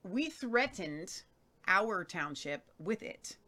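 A woman's voice: mid-range voice, sing-song, slow pace, pushed and bright. A woman co-hosting a talk show, giving her opinion emphatically and punctuating it with rhetorical "right?". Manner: emphatic, argues her point with rhetorical questions. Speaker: co-host. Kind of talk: opinionated casual chat.

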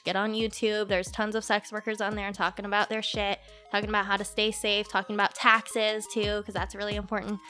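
A woman guest on a podcast telling a personal story in casual chat, full of "like" fillers and quick laughs. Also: mid-range voice, little pitch movement, sharp tone, faint music behind. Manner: chatty storyteller, frequent "like" fillers, laughs easily.

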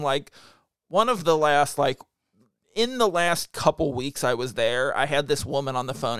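A man's voice: on the high side, a bit bright, clear, resonant tone, dry recording, studio quality. A young man co-hosting a podcast, telling stories in a profane, exasperated casual chat. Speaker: podcast co-host.

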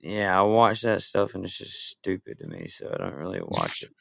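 Man, panelist, casual chat, dry blunt wisecracks, gravelly, low pitch. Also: wildly swooping pitch, moderate pace, a bit bright, dry recording.

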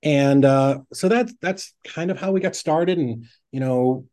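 With a mid-range, darkish voice and a measured pace, a middle-aged podcast guest who invests in real estate tells a story. He's casual and chatty, uses "like" constantly, and performs his past thoughts aloud.

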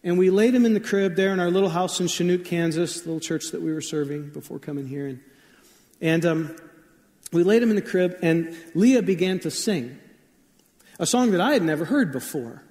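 A man in his forties giving a conversational sermon, telling stories in a relaxed way with fillers and asides. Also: high voice, normal speed. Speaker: pastor. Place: church sanctuary. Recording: long hall reverb.

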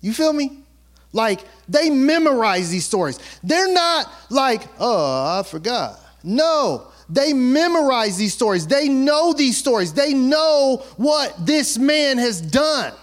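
Lively high-voiced pastor preaching casually. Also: male voice, slow. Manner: conversational, playful, acts out quotes, laughs often. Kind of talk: sermon.

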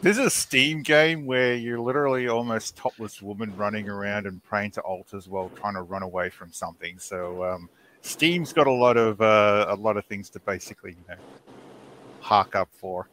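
A man's voice: fairly low pitch, moderate pace, a bit bright, slight background noise. A man co-hosting a casual podcast chat, rambling along with plenty of filler words. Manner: rambling, with frequent fillers and restarts. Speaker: podcast co-host.

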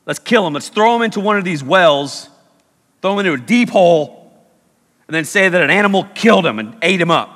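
Jealous older brothers hatch a plan as a preacher acts them out, blunt and menacing in their plotting. The voice carries bright and forceful through a long, echoing hall. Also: male voice, high voice, lively intonation, a little fast. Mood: scheming. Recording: echoey hall.

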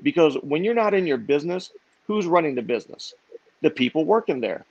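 A man with a gravelly, creaky voice, speaking as an interview guest who tells his stories with lively energy and repeats phrases for emphasis. The sound is dry and a little muffled, like a lo-fi recording. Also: a little high, fairly quick, dry recording. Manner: animated, repeats himself for emphasis. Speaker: guest, business owner. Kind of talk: conversational storytelling. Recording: dry, slightly dull lo-fi sound.

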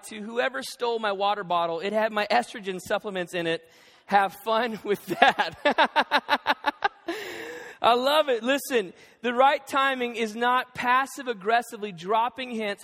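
High, bright-voiced pastor preaching in a hall. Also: male voice. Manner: animated, joking, acts out quoted voices. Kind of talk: sermon. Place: church auditorium. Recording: long hall reverb.

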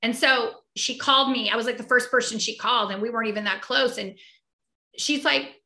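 A woman's voice: on the high side, a little fast, sharp tone, echoey room. A woman guest talking heartfelt and reflective in a conversational interview, often restarting her sentences. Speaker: podcast guest.

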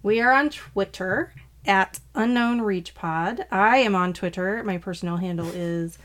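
A woman's voice: mid-range voice, unhurried. A middle-aged woman hosting a casual podcast, retelling a scene with gushing enthusiasm. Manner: animated, gushing retelling with laughs. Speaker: podcast host. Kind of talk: casual chat.

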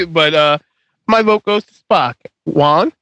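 A man's voice: on the high side, slow, sharp tone, no echo, dull audio. A man hosting a casual podcast panel, joking as he announces the votes. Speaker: host.

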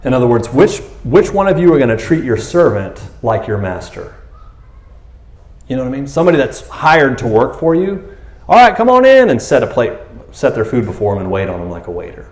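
A man's voice: mid-range voice, sing-song, fairly quick, a little mellow, echoey room. A man preaching a casual, conversational sermon, acting out quoted voices as he goes. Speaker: pastor.

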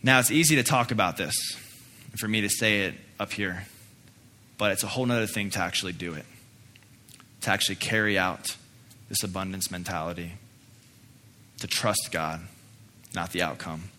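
A man's voice: deep voice, normal speed, pauses often, bright, forceful tone. A young adult man preaching a sermon as pastor, earnest and emphatic, often repeating himself for weight, then leading a prayer. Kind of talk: sermon with personal story and prayer. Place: church sanctuary. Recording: echoey hall, faint noise.

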